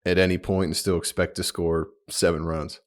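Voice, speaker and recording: A man's voice: sits low, little pitch movement, moderate pace. A man co-hosting a baseball podcast, chatting casually about players. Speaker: podcast co-host. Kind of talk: casual sports talk.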